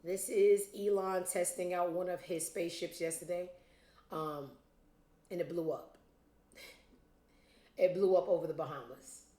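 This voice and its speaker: A woman's voice: on the low side, fairly even intonation, a little slow, pauses often, dark tone, reverberant. A woman hosting a casual commentary show, blunt, profane and sarcastic, talking straight to her viewers. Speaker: show host.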